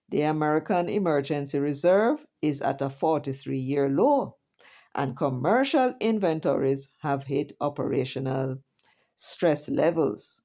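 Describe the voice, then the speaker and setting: A woman's voice: low-pitched, warm tone. A woman with a Jamaican accent who hosts a news commentary show, reading headlines aloud and breaking off into chatty asides and rhetorical questions.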